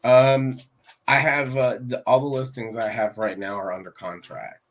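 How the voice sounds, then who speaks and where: A man's voice: mid-range voice, flat delivery, moderate pace. A man talking casually as a real estate agent guest on a podcast, matter-of-fact with some fillers. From Florida.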